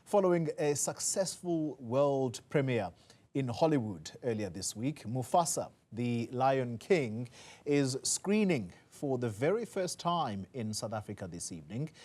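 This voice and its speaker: A male news anchor introducing a live report, speaking in a measured, conversational way. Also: medium pitch, lively intonation, a little mellow. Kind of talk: studio news presenting.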